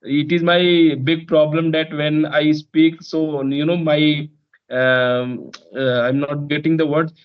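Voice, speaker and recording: A man practices in a casual chat. He hesitates often and pads his speech with "uh, you know". His voice is a little high, and the audio is dull and lo-fi. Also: little pitch movement, takes it slowly, smooth. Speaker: English learner guest. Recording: dull lo-fi sound.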